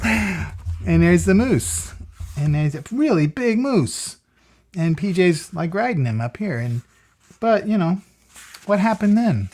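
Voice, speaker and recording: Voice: mid-range voice, big pitch swings, takes it slowly, long pauses, a little mellow. A storyteller reading a picture book aloud to a child, often stopping for chatty asides and questions to the listener.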